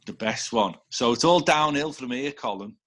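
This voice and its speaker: A man's voice: mid-range voice, lively intonation, normal speed, a bit bright. A man with a Liverpool accent hosting a casual podcast over a video call, teasing and swearing at his friends. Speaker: episode host.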